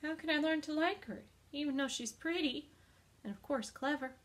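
A woman's voice: high voice, normal speed, voice pushed up, natural voice. Woman doing an innocent young pig. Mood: doubtful.

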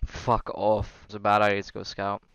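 A young man giving casual, excitable gameplay commentary, swearing and repeating quick callouts as he plays. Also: fairly low pitch, clear, resonant tone, no echo, dull audio. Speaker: gamer streaming gameplay.

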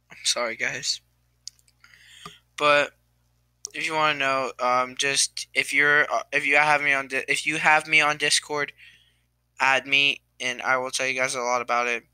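Young man, crying, sighing, halting, restarts, bright tone, smooth clear voice. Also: medium pitch, little pitch movement, dry recording. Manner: halting, trailing off, many restarts. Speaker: gaming YouTuber. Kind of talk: tearful apology vlog to camera.

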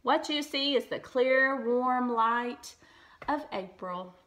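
A woman voicing a cheerful, energetic male frog who calls out eagerly to his friend. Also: on the high side, takes it slowly. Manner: excited, calling out loudly.

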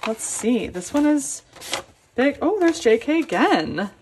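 A young woman chats through an album unboxing, gushing and exclaiming as she goes. Her voice sits a little high. A faint hiss runs under the recording. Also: slow pace. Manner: excitable, gushing, lots of gasps and exclamations. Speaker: album collecting vlogger. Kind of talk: casual unboxing vlog.

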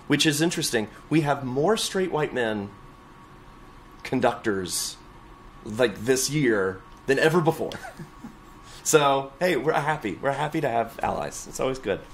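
A young adult man, a choral conductor, telling stories in an oral history interview, lively and expressive as he quotes others. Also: mid-range voice, measured pace, slight background noise.

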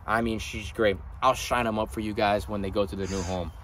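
A man hosting a casual vlog at his animal ranch, gushing with excitement and at times quietly sad. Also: on the low side, fairly quick, slight background noise. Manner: gushing, excitable, swings from loud delight to quiet sadness. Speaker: reptile breeder and channel host. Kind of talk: casual vlog talk to camera.

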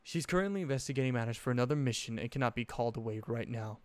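A man voicing a scheming silver-haired male headmaster who speaks in a calm, measured, quietly menacing way. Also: mid-range voice, no room sound, close to an everyday voice.

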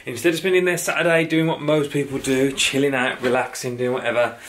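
Young male vlogger, casual and energetic, mid-range voice, noisy background. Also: medium pitch, fast. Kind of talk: casual vlog talk.

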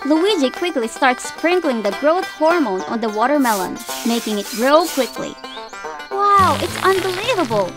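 A woman's voice: high-pitched, expressive, moderate pace, few pauses, over music. A woman narrating a children's toy story, asking playful questions as she tells it.

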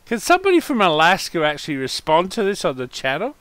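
A man chatting casually while waiting for a game, reading out random facts with crude swearing and loud laughing outbursts. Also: high voice, huge pitch swings, normal speed, dry recording.

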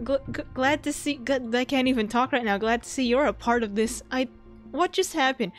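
A woman hosting a gaming channel, giving casual gameplay commentary in an excitable, jumpy way and often breaking into laughter and squeals. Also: fairly high pitch, clear, resonant tone, dry recording, clean studio sound.

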